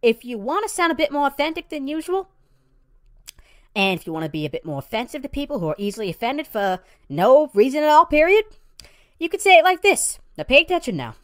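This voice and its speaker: A woman plays a brash, foul-mouthed pizzeria boss lecturing trainees in a rambling comedic monologue, saying "you know" a lot and calling the listener sweetie or honey. Her high voice swings widely in pitch at a slightly fast pace, with clean studio sound and no echo.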